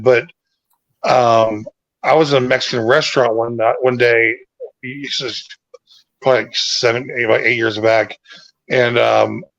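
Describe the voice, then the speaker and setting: A man's voice: medium pitch, fairly bright tone, no echo. A man co-hosting a casual livestream chat, telling stories in a rambling, hesitant way. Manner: rambling, hesitant storytelling with restarts. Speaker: co-host. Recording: dry, dull lo-fi mic.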